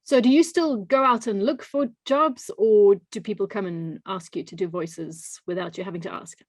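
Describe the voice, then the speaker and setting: A woman hosting a podcast interview asks her guest questions in a measured way. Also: medium pitch, a little mellow, dry recording. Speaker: podcast host.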